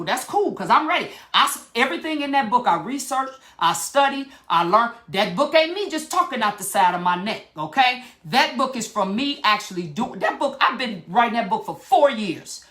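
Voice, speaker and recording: Speaking straight to her audience, this middle-aged vlogger gives a passionate, preachy pep talk full of fire. Her voice sits on the high side and sounds a bit bright.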